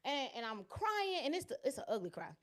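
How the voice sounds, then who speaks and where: A woman's voice: sits high, fairly quick. A woman telling a candid personal faith testimony in an interview, acting out what people said. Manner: candid, expressive storytelling with quoted dialogue and restarts. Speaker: interview guest.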